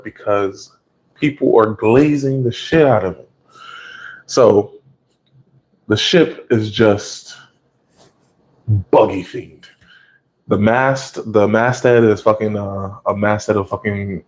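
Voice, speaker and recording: A man giving a casual, profane, animated recap of an anime episode, often laughing and acting out the scenes. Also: on the low side, rough recording.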